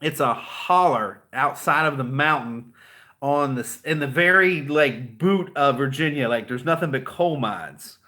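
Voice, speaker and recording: A middle-aged man with a Southern American accent offers blunt, joking motivational advice to car salesmen in a casual livestream talk, profane and rambling. His mid-range voice is unhurried, pushed and bright.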